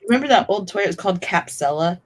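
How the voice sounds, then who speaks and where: A woman guest on a live stream, chatting in a lively way with quick asides and laughter. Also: medium pitch, poor audio. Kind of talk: casual chat.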